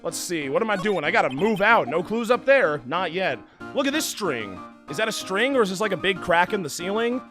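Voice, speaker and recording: A man's voice: sits high, sing-song, fairly quick, few pauses, a bit bright, faint music behind. A man streaming a game, making sarcastic, jokey asides as he reads. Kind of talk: let's play commentary.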